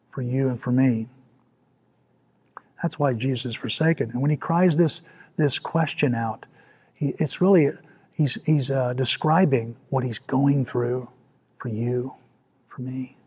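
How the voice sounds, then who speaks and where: A middle-aged man preaching a sermon as pastor, dropping to soft, quiet lines and rising for emphasis. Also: mid-range voice, slightly rough.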